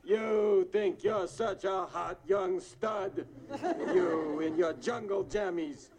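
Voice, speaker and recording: A man's voice: high-pitched, fairly even intonation, slow, heavy background noise. An actor playing a fussy, bickering old man who teases and chuckles as he talks. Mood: teasing. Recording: sitcom audio with loud studio audience laughter.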